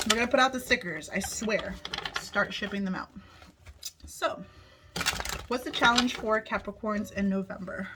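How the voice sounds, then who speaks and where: A woman talks through a tarot forecast in an easygoing, upbeat way, cursing casually and speaking straight to her audience. Her pitch sits in an ordinary middle range for a woman. Music plays clearly beneath her throughout the recording. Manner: chatty, upbeat, swears freely, addresses viewers directly. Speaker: tarot reader. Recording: music playing under the voice. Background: background music.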